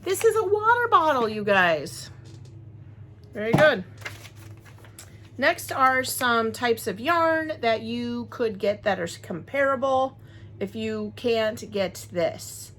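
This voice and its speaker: A woman's voice: mid-range voice, gravelly, a bit bright, a little hiss or hum. A woman chatting casually to her viewers, rambling and friendly as she unboxes crochet supplies. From Wisconsin, USA. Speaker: crochet vlogger.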